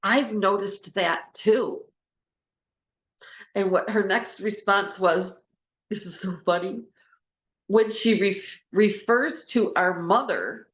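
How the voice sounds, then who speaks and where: A woman's voice: medium pitch, fairly bright tone. A woman trauma recovery coach giving an informal talk, telling stories and acting out what others said. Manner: storytelling, acting out quoted voices. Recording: echoey room.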